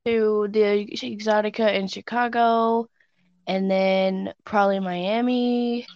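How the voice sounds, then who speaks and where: A woman's voice: medium pitch, fairly even intonation, slow, dry recording, highs cut off. A woman with a Southern US accent, a guest chatting in an easygoing, giggly way. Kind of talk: casual interview chat.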